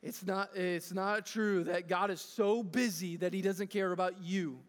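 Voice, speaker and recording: A man's voice: high-pitched, fairly even intonation, unhurried. A man in his thirties preaching a sermon to a church congregation, talking earnestly and conversationally, often restarting his phrases. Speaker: pastor. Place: church sanctuary. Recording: long reverb of a large hall.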